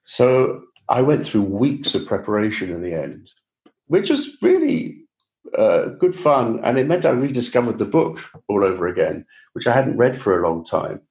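During an informal interview, an English author with RP pronunciation chats about his own story and pokes fun at himself. His mid-range voice swings widely in pitch, moves at a moderate pace, and sounds a little mellow.

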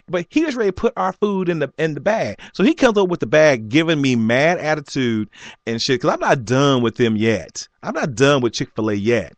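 A man in his forties telling a story in an animated rant, laughing often and jumping up high when he quotes people. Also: brisk, no echo. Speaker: vlogger.

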